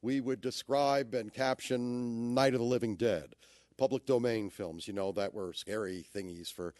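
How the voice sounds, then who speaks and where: A man's voice: mid-range voice, steady tone, normal speed, a little mellow, no echo, studio quality. A man giving a talk on audio description who playfully demonstrates inflection with theatrical shifts in emphasis. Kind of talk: lecture with spoken demonstrations.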